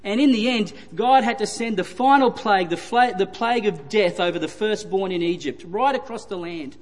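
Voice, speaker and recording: High-voiced preacher in a reverberant hall. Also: male voice, moderate pace. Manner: retelling scripture with emphatic repetition. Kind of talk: sermon.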